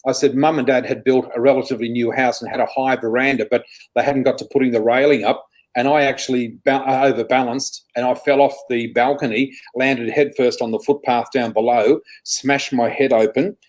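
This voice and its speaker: A man's voice: medium pitch, steady tone, fairly quick, low-quality recording. Chatty Australian man telling stories. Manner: chatty, self-correcting, acts out quotes. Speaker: guest psychic. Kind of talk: anecdotal interview storytelling.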